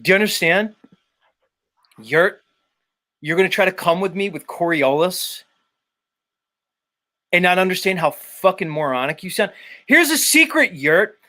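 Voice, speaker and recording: A man's voice: sits high, lively intonation, a little slow, pauses often, pushed and bright. A man hosting a live stream, ranting and taunting a rival with profanity. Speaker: livestream host. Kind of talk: ranting commentary.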